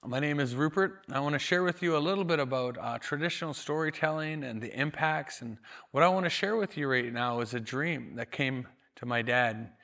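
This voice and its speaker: A Canadian man, a storyteller and educator, telling a traditional story in a calm, measured way, slowing down for emphasis. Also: medium pitch, vocal fry. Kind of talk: oral storytelling.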